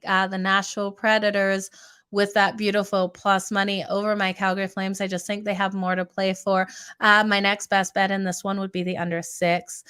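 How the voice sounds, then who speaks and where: A woman runs through her sports betting picks in a casual, chatty way, often calling her viewers "you guys". Her voice sounds raspy and strained today. Underneath the strain it has a smooth, resonant tone at a middle pitch. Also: a bit bright. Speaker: sports betting podcast host.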